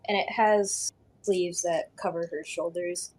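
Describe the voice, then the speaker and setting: A woman player in a casual tabletop role-play game, describing things in a relaxed way with lots of fillers and casual swearing. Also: lowish voice, slow.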